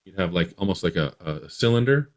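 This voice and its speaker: A man's voice: low voice, lively intonation, fairly quick. A man from Utah, a podcast guest, telling a long story in a rambling way with many restarts.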